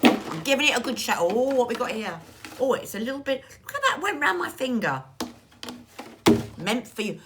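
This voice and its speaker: A psychic medium gives a chatty, affectionate card reading on a phone livestream, calling her viewers darling. Her voice is a little high with big pitch swings, a normal speed and frequent pauses, and the audio is very noisy.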